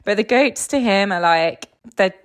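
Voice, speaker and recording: A woman's voice: mid-range voice, expressive, unhurried. A woman working as an animal communicator, talking through a reading in a chatty way with lots of fillers and frequent laughs. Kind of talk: casual spoken reading.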